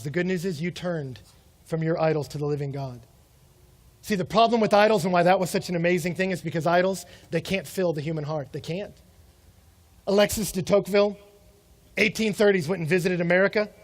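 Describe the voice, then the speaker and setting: A young adult man preaching a sermon in a conversational way, asking rhetorical questions and acting out short quotes. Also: fairly high pitch. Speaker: pastor.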